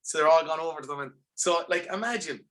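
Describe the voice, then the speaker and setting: An Irish man, a band's lead singer, chatting as a guest on a podcast and telling animated, rambling stories with many restarts over earphones on a video call. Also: a little high, quick pace, crowd noise. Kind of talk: casual podcast chat.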